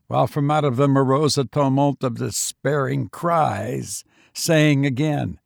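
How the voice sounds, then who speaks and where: A man narrating a gothic tale as a dramatic reading, with a solemn, measured delivery. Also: medium pitch, creaky, dry recording, clean studio sound.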